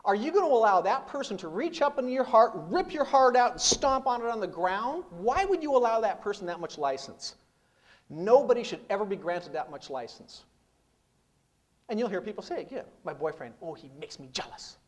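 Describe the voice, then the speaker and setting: Animated middle-aged man giving a seminar. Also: high-pitched, moderate pace. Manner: emphatic, rhetorical questions and repeated punchlines. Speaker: business speaker. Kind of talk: live seminar talk. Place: seminar room with audience.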